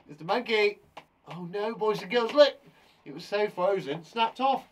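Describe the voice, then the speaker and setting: A man's voice: sits high, big pitch swings, moderate pace, a little hiss or hum. A young man hosting a playful live online lesson for children. He chats to a toy monkey puppet as he teaches. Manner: bouncy and playful, talks to a puppet. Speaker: primary school teacher and host.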